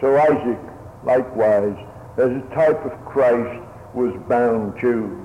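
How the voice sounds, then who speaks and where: Slow-preaching man on old radio. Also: mid-range voice, slight background noise. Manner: slow, solemn, old-fashioned pulpit preaching. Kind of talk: sermon. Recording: phone-like radio broadcast in a reverberant hall.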